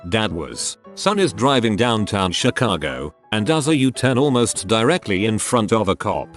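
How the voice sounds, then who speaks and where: A man's voice: lowish voice, big pitch swings, normal speed, faint music behind. A man reading online stories aloud as scripted narration, slipping on words now and then.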